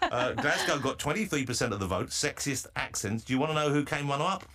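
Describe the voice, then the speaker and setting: Quick-fire male interviewer, mid pitch, playful and teasing. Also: lively intonation, bright, forceful tone. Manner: quick-talking, teasing, jokey. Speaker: interviewer host. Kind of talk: jokey interview chat.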